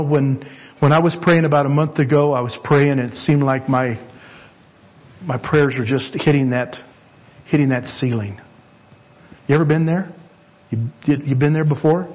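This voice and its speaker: A man's voice: medium pitch, slightly rough, lo-fi sound. A man preaching a sermon in church, earnest and repetitive, asking the congregation for amens. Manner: earnest, repeats phrases, asks the congregation for amens. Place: church sanctuary.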